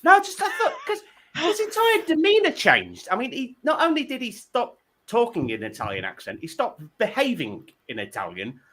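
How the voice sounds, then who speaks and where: A man's voice: extremely high pitch, wildly swooping pitch, normal speed, fairly bright tone. A man hosting a comedy panel show, telling rambling self-deprecating stories full of stammered restarts.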